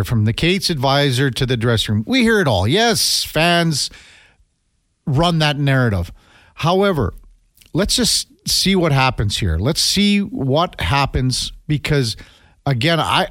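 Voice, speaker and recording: Chatty radio host, dry studio sound. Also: male voice, fairly high pitch, dry recording. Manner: chatty and rambling, lots of fillers. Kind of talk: casual morning radio chat.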